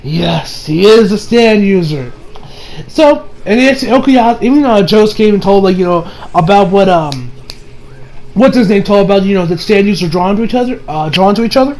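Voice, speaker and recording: A man recapping an anime episode in casual chat, excitable and swearing freely, breaking into laughter again and again. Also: sits high, a little fast, a little hiss or hum, low-quality recording. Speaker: anime reviewer.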